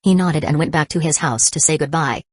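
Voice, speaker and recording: Low-voiced woman reading an audiobook. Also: fairly quick, slightly rough, no room sound. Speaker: audiobook narrator. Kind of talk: scripted narration.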